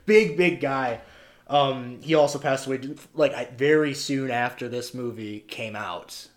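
Man, mid pitch, casual film podcast, rambling, filler-heavy. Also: a little slow. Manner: rambling, lots of fillers and laughs. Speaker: podcast co-host. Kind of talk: casual film review chat.

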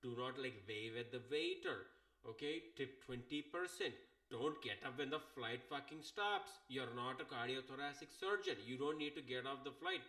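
A man's voice: mid-range voice, normal speed. A man, hosting his own show and telling an annoyed, profane story in a casual way. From India. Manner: exasperated, profane, animated. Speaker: podcast host.

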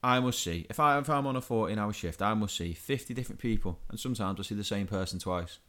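A man's voice: on the low side, quick pace, pushed and bright. A young man co-hosting a podcast, ranting in exasperation and stumbling over repeated words. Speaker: podcast co-host. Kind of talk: casual comedic rant.

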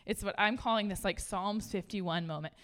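A woman's voice: medium pitch, normal speed. A woman preaches in a loose, conversational way to a roomful of listeners, laughing often and peppering her talk with "like." Her voice sits in the middle range for a woman. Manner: chatty and animated, laughs often, says "like" a lot. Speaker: speaker at a church gathering. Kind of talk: casual conversational sermon. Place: room full of listeners.

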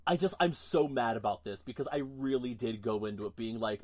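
A man's voice: mid-range voice, expressive, fairly quick. A man co-hosting a casual podcast, ranting in an exasperated, emphatic way. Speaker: podcast co-host.

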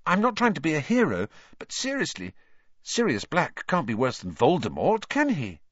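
An earnest teenage boy wizard who pitches his voice up and talks eagerly, as a male audiobook narrator puts him on. The sound is dull and dry, with lively intonation. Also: normal speed, no echo. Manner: raised, earnest and eager to reassure.

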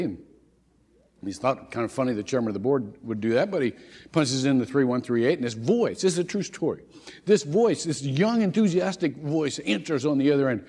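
Male pastor, sermon, animated storyteller; long church reverb. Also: mid-range voice, moderate pace, husky. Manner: animated storytelling with frequent restarts. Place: church sanctuary.

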